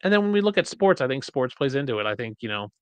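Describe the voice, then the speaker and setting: A man in his thirties co-hosting a podcast, chatting casually and acting out quoted lines in an animated way. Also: fast talker, clean tone, no room sound. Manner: animated storyteller, acts out quotes in high voices. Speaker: podcast co-host. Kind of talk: casual chat.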